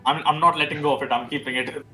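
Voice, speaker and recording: A man's voice: a little high, steady tone, fast talker, over a noisy crowd. A man playing a tabletop game who talks in a flustered, stammering way. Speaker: player.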